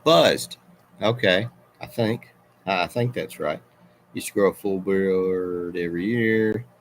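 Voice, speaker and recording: A middle-aged man chats with his livestream viewers in a deep, low voice. He takes his time and drifts from one tangent to the next, often stopping and restarting his sentences. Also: unhurried, slight background noise. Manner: rambling, meandering, self-interrupting. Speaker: livestream host. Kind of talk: casual live chat reading viewer comments.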